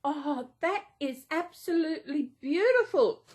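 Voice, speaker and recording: A woman talking off the cuff to her vlog audience. Her voice sits a little high, and she rambles and gushes, gasping and restarting her sentences. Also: animated, a little slow. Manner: rambling, gushing with many gasps and restarts. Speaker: vlogger. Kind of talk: casual unplanned chat.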